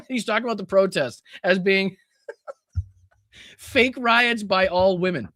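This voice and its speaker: Brief: male podcast host, high-pitched, dry close sound, casual incredulous commentary, swears freely. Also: slow pace, pauses often, a bit bright, no echo. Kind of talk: casual political commentary reacting to clips.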